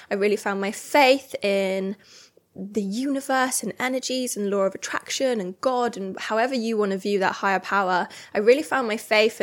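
Young adult woman, mid pitch, solo podcast host; casual, reflective, rambling chat. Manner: chatty, reflective, rambling with fillers.

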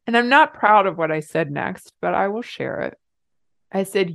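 A middle-aged woman, a podcast co-host, telling a personal story in an emotional, animated way. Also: mid-range voice, normal speed, gravelly, dry recording, studio quality. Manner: emotional, animated retelling with laughs.

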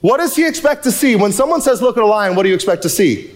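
A man preaching a sermon in a church, animated and joking, his voice swinging from loud to soft and intimate. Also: high-pitched, fast, few pauses. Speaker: pastor. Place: church sanctuary.

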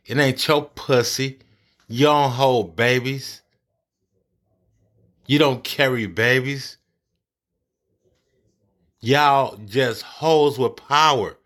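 A man's voice: mid-range voice, drawn-out words, pauses often, a bit bright. A man ranting angrily about politics, profane and blunt. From United States. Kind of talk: angry political rant.

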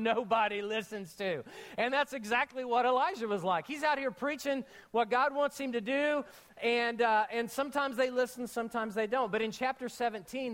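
A male pastor preaching an energetic sermon, mixing jokes and slangy asides into the message. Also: high-pitched.

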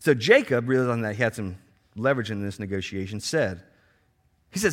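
A man's voice: on the low side, expressive, a little fast, long pauses. A man preaching a sermon in a casual, slangy way, acting out the people in the story with playful voices. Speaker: pastor.

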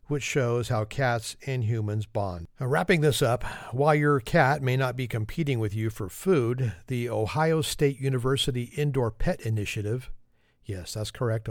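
A man's voice: mid-range voice, no echo, clean studio sound. Wry man hosting a podcast. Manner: wry, self-deprecating, conversational. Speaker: podcast host. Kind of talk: humorous monologue.

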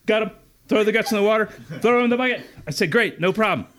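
A man telling a funny fishing story live on stage, animated and punchy, acting out the people in it. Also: high-pitched, fast talker, faint music behind. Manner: animated, punchy, acts out voices. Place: festival stage before an audience.

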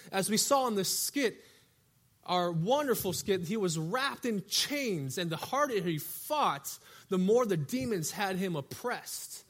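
A man who is a youth and young adult pastor, preaching a sermon in a church in a loose, conversational storytelling way with frequent filler words. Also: high voice.

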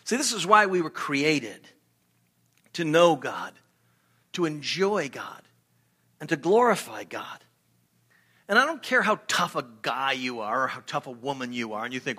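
A man's voice: on the high side, very animated, measured pace, pauses often, bright, forceful tone, slightly rough. A man preaching a sermon as a pastor, earnest and emphatic, often repeating words as he builds a point.

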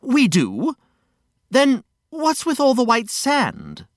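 An eager Australian wallaby boy bounces up high and swings his pitch all over the place, as a woman voices him. He sounds easily puzzled and keen in this children's audio story, with a dry, close sound. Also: wildly swooping pitch, slow, dry recording, heavily acted. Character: excitable young male wallaby.

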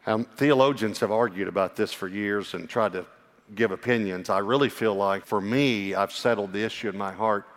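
A man preaching a sermon as a pastor, earnest and personal, sometimes dropping to a hushed voice for emphasis. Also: on the low side, moderate pace. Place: church. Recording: long hall reverb.

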